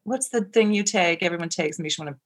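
A woman's voice: on the low side, fast talker. Rambling, foul-mouthed middle-aged woman. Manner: rambling, profane, heavy use of "like". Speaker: guest. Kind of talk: casual interview storytelling.

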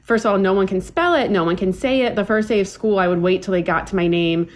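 This woman in her thirties talks in a relaxed, rambling podcast style, stacking "like" and restarting her sentences as she tells stories about her family. Her voice sits at an ordinary middle pitch for a woman, and she slips into quick little voices when she quotes her parents. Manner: chatty storyteller, many likes and restarts, acts out family quotes. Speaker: podcast guest, chef. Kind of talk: casual podcast chat.

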